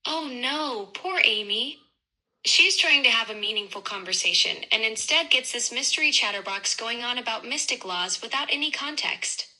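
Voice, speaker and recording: Bright, effusive AI assistant woman. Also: on the high side, animated, normal speed, rough recording. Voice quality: upbeat, effusive. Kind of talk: chatty assistant replies.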